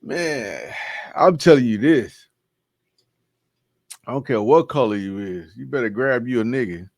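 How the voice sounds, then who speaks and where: A man's voice: mid-range voice, lively intonation, a little slow, vocal fry, dry recording, studio quality. A man hosting his channel, talking casually and slangily to viewers and laughing at a message he is reading out. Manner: laid-back slangy talk, laughing at what he reads. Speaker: channel host.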